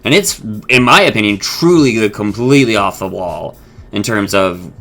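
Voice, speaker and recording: A man's voice: on the low side, lively intonation, moderate pace, a bit bright. A young man hosting his own channel, giving a casual, rambling episode recap with frequent swearing and self-corrections. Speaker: host of an episode discussion channel.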